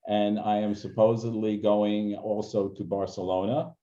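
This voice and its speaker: A man's voice: on the low side, little pitch movement, unhurried, warm tone. An older man, a guest in an interview, telling stories in a reflective way. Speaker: guest, senior consultant. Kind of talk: casual interview answers. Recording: dull lo-fi sound.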